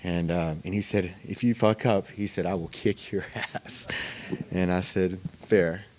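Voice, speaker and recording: A man's voice: low voice, fairly even intonation, a little mellow. A man telling his recovery story to a meeting in a loose, conversational way. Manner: conversational storytelling, many fillers and pauses. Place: meeting room.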